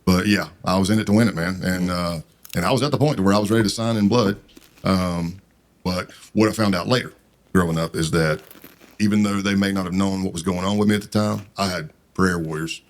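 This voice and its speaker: A man's voice: sits low, a little fast. A man telling a long personal story in a casual, rambling way, with many fillers and restarts. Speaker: podcast guest.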